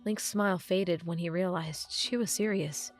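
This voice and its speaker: A woman's voice: lowish voice, moderate pace, faint music behind. A woman narrating a fantasy novel as an audiobook reader.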